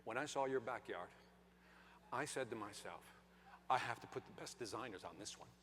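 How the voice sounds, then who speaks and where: A man voicing a smooth male landscaping salesman who pitches in a soft, breathy hush. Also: normal speed, noisy background, close to an everyday voice. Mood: hushed, seductive. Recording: long reverb of a large hall.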